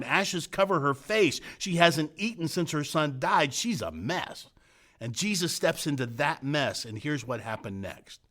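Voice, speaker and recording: A middle-aged man, a senior pastor, preaching an earnest sermon, building emphatic repeated phrases and then dropping to soft, hushed lines. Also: a little high.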